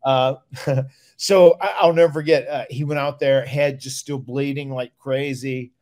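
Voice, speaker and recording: A man, casually telling stories on his podcast and getting loud when he acts out other people. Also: mid-range voice, a little slow. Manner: animated storyteller, loud when acting out others. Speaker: podcast host, retired wrestler. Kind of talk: casual storytelling.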